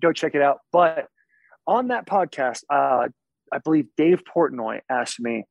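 A man's voice: fairly high pitch, animated, measured pace, vocal fry, dry recording, dull audio. A young man, a pro football player, chatting as a podcast guest in a boisterous, laid-back storytelling way. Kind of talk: casual podcast chat.

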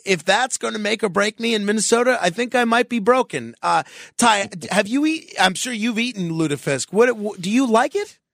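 A man hosting a late-night radio interview show, talking in a halting way with lots of fillers and restarts. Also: sits high, animated, gravelly, a bit bright, no echo, studio quality.

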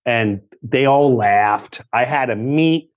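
A Long Island comedian in his fifties tells a story in casual chat, animated and acting out other people's voices while swearing and laughing a lot. His voice sits at medium pitch and he takes his time, with the high frequencies cut off.

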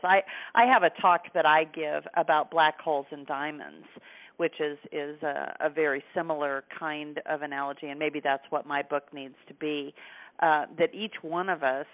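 A man hosting an interview, talking in a hesitant, conversational way with frequent restarts. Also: a little high. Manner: hesitant, many fillers and restarts. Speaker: interview host. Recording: tinny phone line.

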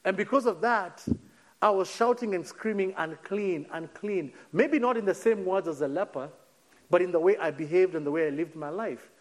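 Man, sermon, high voice, soft hushed drops, slow emphatic phrasing. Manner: preaching with dramatic drops to a near hush and sudden lifts; slows right down on key phrases. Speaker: pastor.

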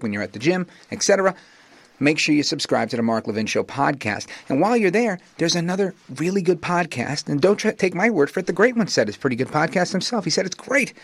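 A man hosting a talk radio show as a fill-in, energetic and promotional in a conversational way. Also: a little high, no echo.

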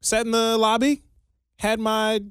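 A man's voice: high voice, flat delivery, measured pace, fairly bright tone, smooth, dry recording. A man co-hosting a podcast, chatting casually and laughing often. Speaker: podcast co-host. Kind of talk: casual chat.

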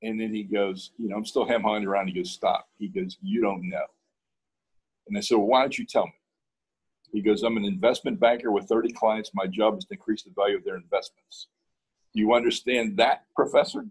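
A man's voice: lowish voice, fairly even intonation, quick pace, a little mellow, husky, rough recording. A man from Pittsburgh, a guest in an interview, telling a story in a casual way and acting out both sides of the dialogue.

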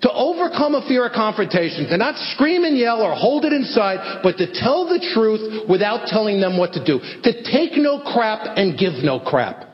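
A middle-aged man doing stand-up storytelling, self-deprecating and animated. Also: high-pitched, normal speed, few pauses. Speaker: stand-up comedian. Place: theater stage before an audience. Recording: echoey hall, dull lo-fi sound, faint hiss.

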